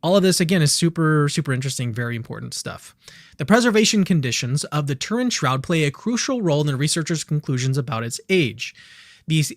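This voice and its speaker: A man's voice: on the high side, no room sound. Dry-voiced male podcast host reading aloud. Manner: casual, chatty asides.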